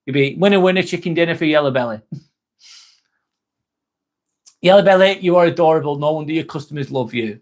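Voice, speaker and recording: A man's voice: a little high, very fast, hardly any pauses. A man with an English accent, casually chatting on a livestream and answering viewer comments by name, swearing freely. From England. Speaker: live streamer.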